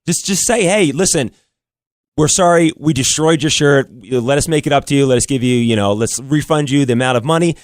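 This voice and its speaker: A man co-hosting a talk show, telling an animated and frustrated story in a casual way. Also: medium pitch, brisk, dry recording, clean studio sound. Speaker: radio show co-host.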